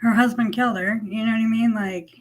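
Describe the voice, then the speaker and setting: A woman's voice: on the high side, steady tone, fast talker. A woman in a casual group chat, talking in a chatty, sympathetic way.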